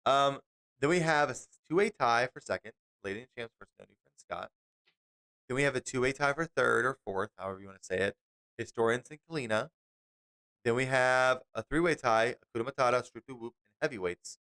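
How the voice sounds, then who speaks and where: A man co-hosting a fantasy football chat late at night. His voice is smooth and resonant, and his talk runs sleepy and unhurried, with the odd yawn slipping in. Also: medium pitch, sharp tone. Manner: yawning, tired late-night delivery. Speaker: podcast co-host.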